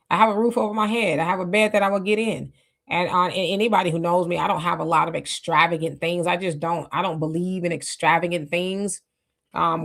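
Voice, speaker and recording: A middle-aged woman hosting a live stream, reading viewer comments and talking loosely with many fillers and restarts, her mouth dry from fasting. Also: lowish voice. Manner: loose, conversational, reflective, with frequent fillers and restarts. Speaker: livestream host reading chat comments. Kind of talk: casual live talk.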